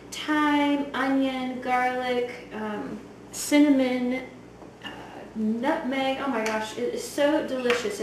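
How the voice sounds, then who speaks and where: A woman giving a chatty, enthusiastic cooking demonstration in a home kitchen. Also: fairly high pitch. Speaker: home cook. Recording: echoey kitchen, voice from far off, loud frying noise.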